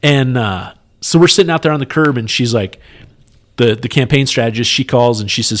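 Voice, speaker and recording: A podcast co-host with a medium-pitched voice talks a little fast, spinning a long story in casual chat. He's animated, acting out other people's lines as quoted dialogue and dropping plenty of "you know" fillers.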